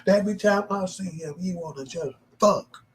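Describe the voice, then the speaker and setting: A man putting on a high whiny voice to play annoyed young women complaining. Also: moderate pace, natural voice.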